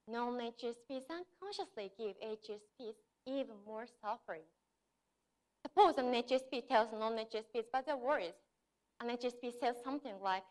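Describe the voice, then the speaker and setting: High-voiced young woman giving a speech. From Japan. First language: Japanese. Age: young adult. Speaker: speech contest contestant. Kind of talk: memorized speech delivery. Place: contest stage.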